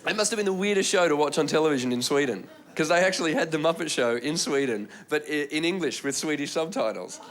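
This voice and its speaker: A man doing a stand-up comedy set, telling stories in an animated way and dropping into silly voices and mock languages. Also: on the high side, fast talker, hardly any pauses. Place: live comedy stage.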